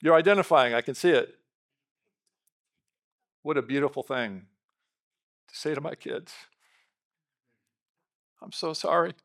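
A middle-aged male pastor preaching a lively sermon, bantering with the congregation and asking them questions. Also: on the high side. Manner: lively, talks with the congregation, quick asides.

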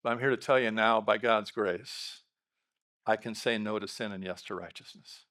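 A middle-aged male pastor preaching a lively sermon, bantering with the congregation and asking them questions. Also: lowish voice. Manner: lively, talks with the congregation, quick asides.

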